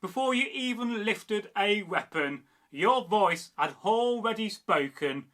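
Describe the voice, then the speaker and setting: Man, scripted history narration, dramatic short phrases, unhurried. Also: sits high, expressive, fairly bright tone. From English Midlands. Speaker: history presenter.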